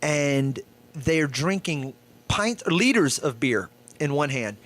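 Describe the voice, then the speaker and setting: Animated man telling a road story. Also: on the high side, takes it slowly. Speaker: comedian and podcast co-host. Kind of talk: casual storytelling.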